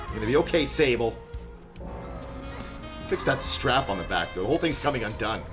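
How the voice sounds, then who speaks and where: A man's voice: medium pitch, animated, a little fast, pauses often, over music. A man doing live gameplay commentary, joking and chatting with viewers in rambling asides. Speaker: game streamer.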